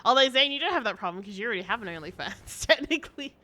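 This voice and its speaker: Lively guest streamer, woman, bright and sharp tone, very expressive pitch, faint hiss. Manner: animated, laughing, quick to tease. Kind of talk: casual stream chat. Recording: faint background noise.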